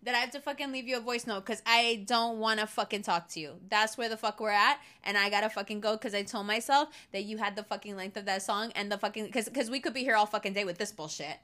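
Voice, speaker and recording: A woman's voice: mid-range voice, fast talker, hardly any pauses, pushed and bright, close to an everyday voice. A woman acting out a furious woman who leaves a cutting, profane, sarcastic voice note for a cheating lover. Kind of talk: acted voice-note rant.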